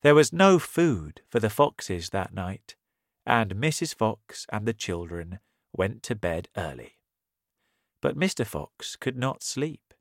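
A man reading a children's storybook aloud in an expressive manner. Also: lowish voice, slow pace, no room sound. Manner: animated, expressive read-aloud delivery. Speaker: narrator.

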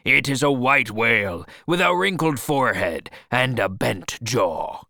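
A man voicing a wild, obsessed old sea captain who shouts his orders slowly and fervently, in a storybook reading. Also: fairly low pitch, wildly swooping pitch, gravelly, no room sound, studio quality, heavily acted.

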